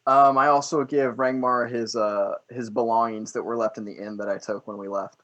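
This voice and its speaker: A man's voice: medium pitch, steady tone, moderate pace, a bit bright, highs cut off. A man speaking as a player in a tabletop game, direct and commanding. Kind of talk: casual play talk.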